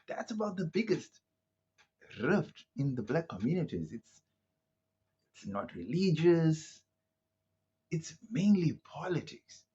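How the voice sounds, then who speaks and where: Husky South African man, lively rambling talk. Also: mid-range voice. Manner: conversational, rhetorical asides, frequent "right?" and "you know". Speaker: commentator. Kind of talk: casual opinion monologue. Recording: muffled lo-fi audio.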